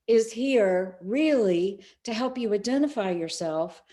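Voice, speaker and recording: A middle-aged woman, a spiritual speaker, tells stories during an online summit interview at a measured pace and medium pitch. She's animated, acting out the quoted dialogue as she goes.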